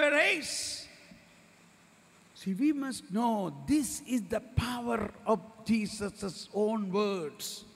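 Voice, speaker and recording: A man's voice: high-pitched, vocal fry, breathy edge. A man with an Indian English accent preaching a sermon at a workshop, telling stories and acting out the voices of others. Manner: storytelling, acts out voices of others. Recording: reverberant hall.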